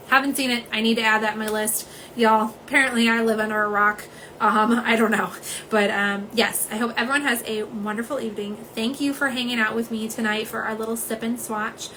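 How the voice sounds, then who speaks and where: A woman, chatting casually and warmly through a nail polish livestream at home, with lots of "um"s. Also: fairly high pitch, flat delivery, fairly quick, a little hiss or hum, rough recording. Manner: chatty, many "um"s, says "y'all".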